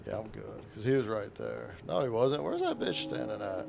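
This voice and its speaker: A man casually commentating on his first playthrough of a game, swearing often and reacting loudly to sudden threats. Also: fairly low pitch, animated, moderate pace, gravelly, background noise. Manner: profane, jumpy reactions to the game. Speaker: gaming channel host. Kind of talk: let's play commentary.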